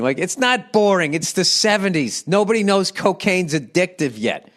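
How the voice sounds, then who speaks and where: A middle-aged podcast host with a high, bright voice and big pitch swings rants at normal speed into a studio microphone with a windscreen. His comedic monologue is profane and rambling, and he slips into silly voices.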